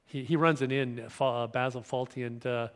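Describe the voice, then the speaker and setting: A man's voice: medium pitch, steady tone. Man, pastor, sermon, getting over a cold, conversational, restarts often, long church reverb. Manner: conversational, halting with restarts, asks the congregation questions. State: recovering from a cold, occasional cough.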